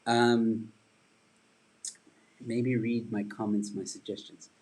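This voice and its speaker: Husky man, comedian host, loose rambling livestream chat with viewers. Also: on the low side, little pitch movement, slow, darkish tone, poor audio. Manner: rambling, chatty, reads and answers viewer comments.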